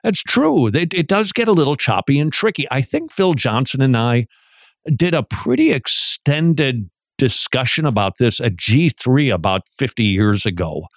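A man teaching in a sermon style, animated and joking, with many rhetorical questions. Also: mid-range voice, moderate pace, no echo, clean studio sound.

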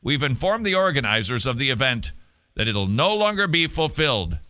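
A man doing a deliberately shaky British accent, reading out a formal statement as a stiff male spokesman. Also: mid-range voice, sing-song, sharp tone, smooth. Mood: stiffly formal. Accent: attempted British accent. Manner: formal, clipped, mock-official.

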